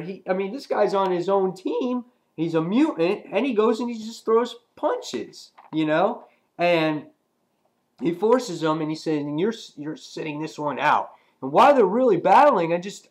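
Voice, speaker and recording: A man casually reviewing a comic book, rambling and filling pauses with "um" and "you know". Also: sits high, lively intonation.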